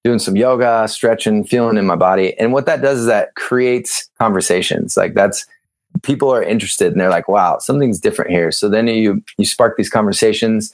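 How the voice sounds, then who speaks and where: Low-voiced animated male storyteller. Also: fairly quick, no echo. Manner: animated storyteller, acts out dialogue, laughs often. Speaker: podcast guest. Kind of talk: casual interview chat.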